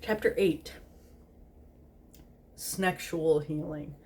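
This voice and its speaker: A tipsy woman reads a story aloud, giggly and casual. She often stumbles over words and has to restart them. Her voice is low, and her pace is unhurried. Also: steady tone, a little mellow. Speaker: host.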